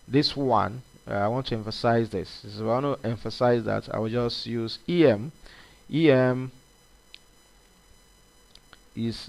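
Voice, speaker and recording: A man's voice: mid-range voice, creaky. A man teaching a coding lesson at his computer, talking loosely with many fillers and restarts. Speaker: coding instructor. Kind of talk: screen-recorded coding tutorial.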